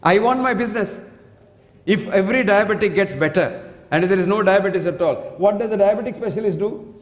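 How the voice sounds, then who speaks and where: A high-pitched man with an Indian English accent lectures emphatically and in a preachy way, reciting Sanskrit verses between points. His voice rings through an echoey hall with a long reverb tail. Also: fairly quick. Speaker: doctor giving a health lecture. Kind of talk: public health lecture. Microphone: single fixed stand mic.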